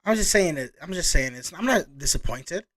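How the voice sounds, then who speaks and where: A man's voice: a little high, lively intonation, a little fast, fairly bright tone. A man hosting a reaction video, chatting casually and exclaiming as he reacts.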